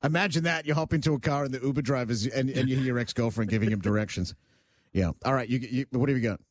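A man's voice: medium pitch, quick pace, no echo, clean studio sound. A male radio host chatting casually on air in a blunt, talkative way, often restarting his sentences. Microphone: studio microphone.

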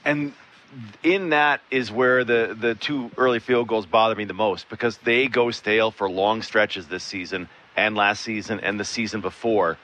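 A man hosting a sports talk show, quick and opinionated in his analysis. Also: lowish voice, steady tone, pushed and bright.

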